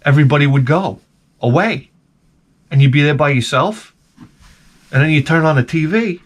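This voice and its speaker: A man vlogging in a rambling comic monologue, animated and swearing freely as he slips into mocking voices. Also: on the high side, normal speed, a little hiss or hum.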